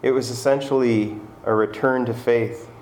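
A man's voice: mid-range voice, steady tone, normal speed, darkish tone. A male pastor delivers a sermon in an earnest, conversational tone. His voice sits in a middle register and rises in emphasis on key points. The room echoes around him, with faint noise underneath.

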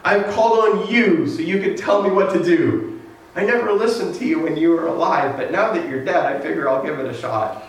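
A man's voice: a little high, a little fast, pitched above the performer's own voice, lightly acted. A man voicing a desperate, distressed aging king who pleads urgently. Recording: echoey room, distant mic.

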